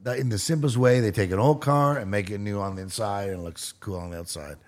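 A man with a Canadian accent co-hosting a podcast, speaking haltingly and often restarting his sentences. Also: fairly low pitch, a little mellow. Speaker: podcast co-host. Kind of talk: casual banter.

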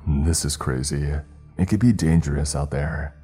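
A man's voice: extremely low pitch, normal speed, warm tone, husky, soft background music. A man voicing a skeptical young man who scoffs at the danger. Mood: defiant.

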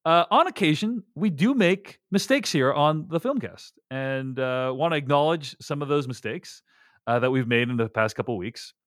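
Lively, animated male podcast host. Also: on the high side, moderate pace, no room sound, clean studio sound. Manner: animated, chatty, reads listener emails aloud. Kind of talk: casual podcast chat.

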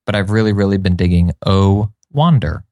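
Low-voiced rambling male co-host. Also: moderate pace, mellow, no room sound. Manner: rambling, self-correcting, spelling things out. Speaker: podcast co-host. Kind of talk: casual podcast chat.

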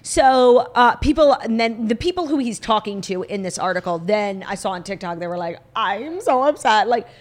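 A woman talking quickly in a casual podcast chat, her voice sitting in a middle pitch. She lays out strong opinions with emphasis and leans on "like" constantly. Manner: emphatic, says "like" often, animated opinions. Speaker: podcast co-host. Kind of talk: casual pop-culture chat.

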